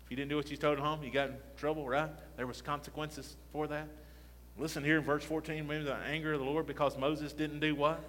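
A man's voice: on the high side, little pitch movement, fast talker, a bit bright. Man preaching in a reverberant hall. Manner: conversational preaching with repeated "listen" and rhetorical questions. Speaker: pastor. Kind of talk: sermon. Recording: long reverb of a large hall.

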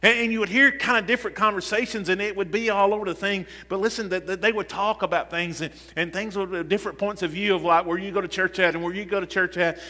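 A man's voice: high-pitched, fairly even intonation, quick pace, hardly any pauses, sharp tone. A man preaching a sermon. He builds in intensity and keeps repeating "listen" as he restarts his phrases. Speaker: pastor. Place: church sanctuary. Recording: long hall reverb.

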